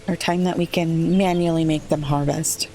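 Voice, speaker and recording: A woman playing a city-builder game, thinking aloud and puzzling over it, her voice a little rough today. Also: low voice, fairly even intonation, normal speed, dark tone, faint music behind. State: slightly rough voice. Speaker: let's play gamer. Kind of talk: relaxed gameplay commentary.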